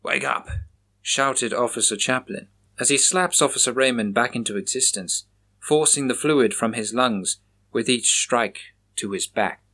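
A man reading a horror story aloud in a measured, grave manner. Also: mid-range voice, pushed and bright. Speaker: narrator.

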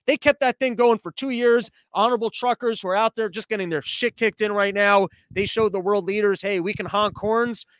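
A man's voice: high-pitched, a bit bright, no room sound. A man ranting about politics in a sarcastic, profane, rambling comedy style.

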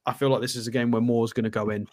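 A man co-hosting a fan podcast in casual chat, chirpy and quick to tease. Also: medium pitch, flat delivery. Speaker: podcast co-host.

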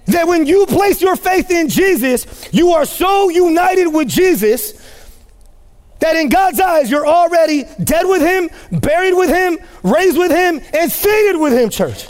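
High-voiced preaching man in a reverberant hall. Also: expressive, measured pace. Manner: impassioned preaching, rising to shouts, repeats phrases for emphasis. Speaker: pastor. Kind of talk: sermon.

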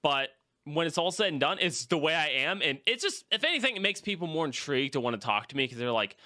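Lively, bright-voiced male podcast host. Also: on the high side, fast talker, dry recording, studio quality. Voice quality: blurs some consonants, mixes P and B sounds. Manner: animated, laughs often, swears casually. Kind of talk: casual podcast chat.

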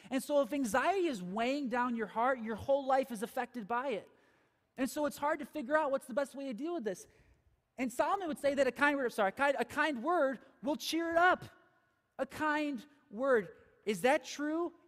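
A man with a very high voice delivers a sermon as pastor. He preaches with emphasis and throws rhetorical questions at the congregation. His voice rings out with a long reverb in a large church hall. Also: brisk, a bit bright.

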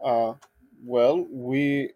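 A man's voice: medium pitch, steady tone, extremely slow, muffled recording. A man playing a tabletop game on a stream, describing his character with many ums. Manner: hesitant, with ums and likes. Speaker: player.

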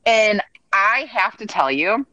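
A woman chatting casually as a podcast co-host, talking in quick bursts with plenty of "like" and acting out what others said. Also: medium pitch, very animated, pushed and bright, dry recording, dull audio. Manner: chatty, lots of "like" and restarts, acts out quotes. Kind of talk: casual chat recapping a reality show.

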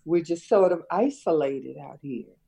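An older woman, a retired schoolteacher from Chicago, reminiscing in a relaxed conversation and laughing often. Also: deep voice, unhurried, vocal fry, slightly rough. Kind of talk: casual conversation.

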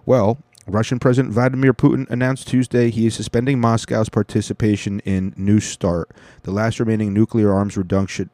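A man's voice: fairly low pitch, mellow, dry recording. A man casually reading a news article aloud, interrupting it with sarcastic, profane jokes. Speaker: commentator reacting to a news article.

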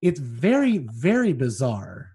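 Podcast co-host, male, mellow slightly husky voice, reads excerpts with feeling. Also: mid-range voice, huge pitch swings, takes it slowly. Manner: reads excerpts aloud with feeling, then chats loosely. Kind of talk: casual chat with dramatic book reading.

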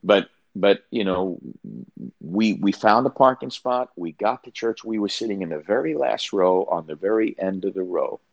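Older pastor guy, real low voice, telling a story in an interview, keeps restarting sentences. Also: moderate pace, creaky, no echo, highs cut off. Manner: earnest storyteller with frequent restarts. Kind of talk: personal storytelling in a conversation.

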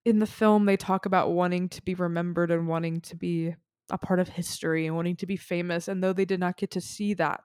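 A woman co-hosting a podcast cries and sniffles while talking earnestly and rambling about a film she loves. Her voice is on the low side, darkish, clear and resonant, steady in tone and a little fast. The recording is dry and studio quality.

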